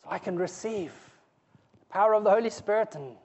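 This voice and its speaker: Earnest high-voiced preacher. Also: male voice, a little fast, gravelly, slightly rough, dull audio. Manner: earnest, pleading, with soft laughs and dropping to near whispers. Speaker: pastor. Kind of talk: sermon. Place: church.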